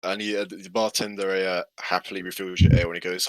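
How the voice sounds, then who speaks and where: A man's voice: deep voice, flat delivery, fast talker, hardly any pauses, no echo, poor audio. Male game master narrating with lots of ums, dry close sound. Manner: hesitant, filler-heavy narration.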